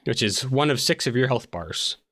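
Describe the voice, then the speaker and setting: A man's voice: mid-range voice, animated, moderate pace, a bit bright. Casual man running a tabletop game. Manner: casual, with frequent fillers. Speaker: game master.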